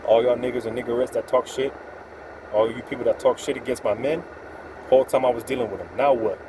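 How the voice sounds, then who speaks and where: A man's voice: medium pitch, steady tone, quick pace, noisy background. A man giving an informal, profane, streetwise religious talk, quoting scripture with emphatic asides. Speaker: preacher.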